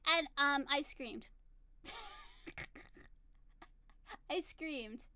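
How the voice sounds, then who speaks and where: Woman, 30s, high pitch, bright tone, bubbly and giggly, casual vlog chat. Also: lively intonation, moderate pace, no echo. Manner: bubbly, giggly, gushing storytelling. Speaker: vlogger.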